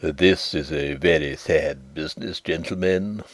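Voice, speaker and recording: A man's voice: on the low side, sing-song, measured pace, creaky, darkish tone, no echo, heavily acted. A man reading an audiobook, voicing an elderly, helpless company director in a whispering, confiding voice. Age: older.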